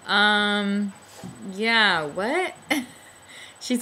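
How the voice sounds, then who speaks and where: Bright, chatty young woman vlogger. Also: mid-range voice, drawn-out words, slight background noise. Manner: chatty and rambling, many fillers, restarts and little laughs. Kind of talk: casual personal storytelling to camera.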